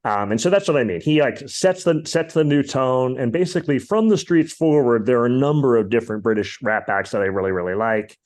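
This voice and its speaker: A man's voice: mid-range voice, a little fast, few pauses, a little mellow. A man hosting a podcast, chatting casually about music in an opinionated, rambling way full of fillers. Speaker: podcast host.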